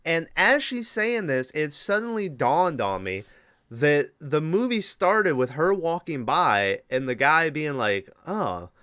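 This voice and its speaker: A man's voice: fairly high pitch, sing-song, a little slow, bright, forceful tone, clean tone, dry recording, studio quality. A man hosting a podcast, casually retelling a movie plot in a rambling, profane way with lots of fillers. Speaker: podcast host.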